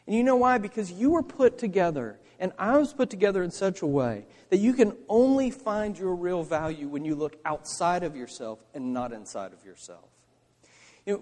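A male pastor delivers a sermon, pressing his points hard and then dropping to hushed asides. His voice sits high and leaps around in pitch. The sound carries a long reverb tail from a church hall. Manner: animated preaching, swinging from emphatic to hushed.

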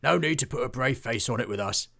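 Kindly storybook halfling, matter-of-fact and gravelly, played by the narrator. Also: male voice, medium pitch, expressive, quick pace, pushed and bright. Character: kindly pipe-smoking male halfling.

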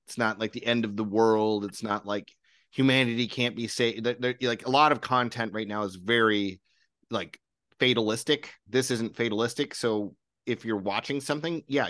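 A man's voice: lowish voice, moderate pace, a bit bright, no room sound, clean studio sound. A man co-hosting a casual film-review chat, rambling and dismissive. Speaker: podcast co-host, film reviewer.

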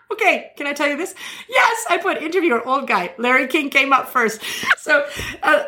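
A woman host telling a long story in casual chat, animated, laughing and swearing freely. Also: high voice, normal speed.

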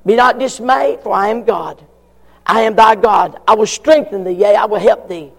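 Preacher guy, high gravelly voice, slow and emphatic, church hall echo. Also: fairly bright tone. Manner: emphatic, repeats questions with long pauses. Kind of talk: sermon.

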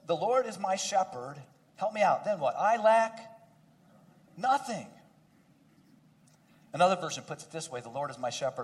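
This man's voice sits high as he preaches to his congregation as pastor. He keeps a conversational tone, going quiet and hushed whenever he wants to underline something important.

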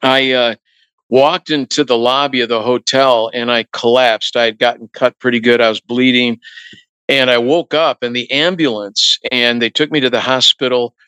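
A middle-aged male musician telling anecdotes in a relaxed interview, acting out what others said to him. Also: medium pitch, moderate pace, clear, resonant tone, no room sound, low-quality recording. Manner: relaxed anecdotal, acts out quoted voices. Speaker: guest musician. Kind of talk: storytelling interview talk.

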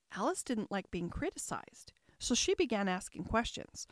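A woman narrating a classic storybook as an audiobook reader, expressive and lilting, close to the mic. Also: medium pitch, normal speed, hardly any pauses, dry recording.

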